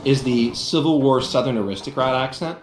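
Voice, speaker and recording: A man's voice: medium pitch, a little fast, echoey room, faint music behind. A man co-streaming a game, chatting casually and teasing his friends. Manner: teasing, banter.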